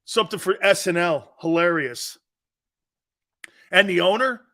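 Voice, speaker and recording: A man hosting a sports talk show, joking loudly and laughing often as he riffs on football. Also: sits high, unhurried. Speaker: sports radio host.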